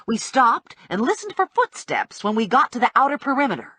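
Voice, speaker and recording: A woman narrating a first-person audiobook with wry, brisk storytelling. Her voice is husky and moves widely in pitch. The recording is dry and close. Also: big pitch swings, sharp tone, no room sound.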